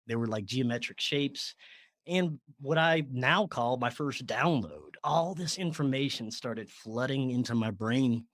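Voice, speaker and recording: A man guest on a podcast, telling a personal story in a casual, animated way, laughing often and filling with "like". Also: mid-range voice, measured pace, no room sound, clean studio sound.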